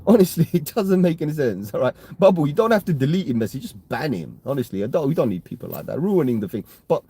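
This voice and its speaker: A man's voice: fairly high pitch, very animated, quick pace, mellow, slightly rough. A British man hosting a crypto live stream, talking casually to his chat in a rambling way, often tagging "right?" and getting heated. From United Kingdom. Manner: rambling, repeats "right?" and restarts, gets heated. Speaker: crypto livestream host.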